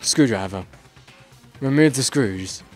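A man's voice: medium pitch, expressive, slow pace, music in the background. A tired man doing casual let's play commentary, exasperated and rambling, swearing as he goes.

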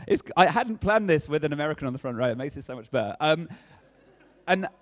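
A man's voice: on the high side, dry recording. A man preaching a chatty, playful sermon and keeping in touch with his congregation. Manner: chatty and playful, keeps checking in with the audience.

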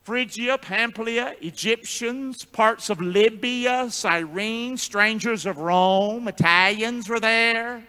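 A man preaching a sermon as pastor, drawing the congregation into call-and-response and swinging from booming shouts to quiet asides. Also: takes it slowly, few pauses, clean tone, big-room sound. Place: church sanctuary.

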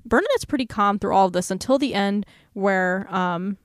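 Young woman co-host, mid pitch, dry close sound, animated and exasperated. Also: moderate pace, dry recording. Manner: animated and exasperated, laughs often, many fillers. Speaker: podcast co-host. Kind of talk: casual book-club chat.

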